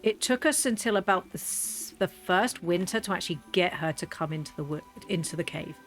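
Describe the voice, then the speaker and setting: A woman's voice: fairly low pitch, animated, fairly quick. Woman, 30s, casual gameplay chat, laughs a lot, faint background music. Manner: chatty storyteller, laughs often. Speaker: streamer.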